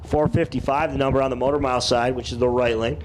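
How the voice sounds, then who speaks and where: A man's voice: mid-range voice, fairly even intonation, fast, a little hiss or hum. A man calling a drag race live, with folksy, joking banter between runs. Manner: folksy, playful announcer banter. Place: outdoor dragway.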